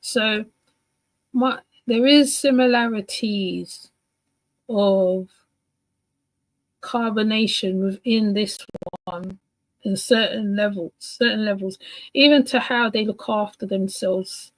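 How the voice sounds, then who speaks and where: A woman's voice: mid-range voice, slow, pauses often. A woman rambles through casual reaction commentary, restarting her sentences and going back over her thoughts. Her voice sits mid-range and sounds dry and close, with no room echo. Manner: rambling, chatty, many fillers and restarts.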